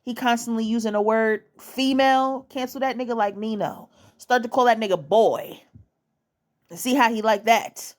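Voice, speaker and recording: A woman's voice: fairly high pitch, normal speed. Blunt, profane young woman repeating points for emphasis. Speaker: dating advice vlogger. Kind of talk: casual monologue to camera.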